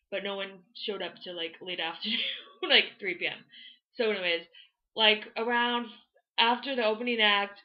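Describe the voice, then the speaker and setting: A teenage girl from Florida vlogging, telling a story in an excited, rambling way full of "like" fillers. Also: mid-range voice, muffled recording. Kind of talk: casual storytelling to camera.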